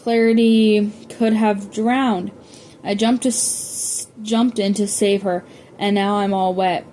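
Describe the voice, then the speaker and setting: A woman voicing an irritable young mother with a sharp, scolding manner, read aloud from a storybook. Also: mid-range voice, level tone, takes it slowly, slight background noise, close to an everyday voice. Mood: angry.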